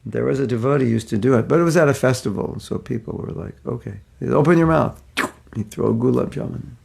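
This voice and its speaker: Older male teacher, raspy edge, anecdotal, mid-pitched and chuckling. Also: fast, darkish tone. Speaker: spiritual teacher. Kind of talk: casual religious class.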